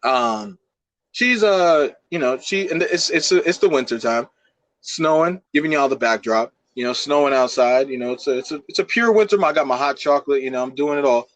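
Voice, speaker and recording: Animated young man telling a story. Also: mid-range voice, normal speed, no echo. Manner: animated, profane, many fillers. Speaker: podcast co-host. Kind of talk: casual storytelling.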